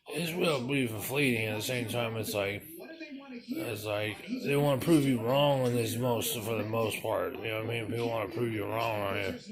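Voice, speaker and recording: A man's voice: fairly low pitch, normal speed, crowd noise. A man talking casually in a rambling way, restarting his sentences, swearing, and asking "you know what I mean" again and again.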